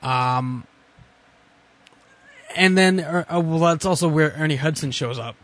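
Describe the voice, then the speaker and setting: A man's voice: a little high, unhurried, a bit bright. Sardonic, rambling man reviewing a movie. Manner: rambling, sardonic, profane, with many restarts. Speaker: podcast co-host. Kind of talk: casual movie review chat.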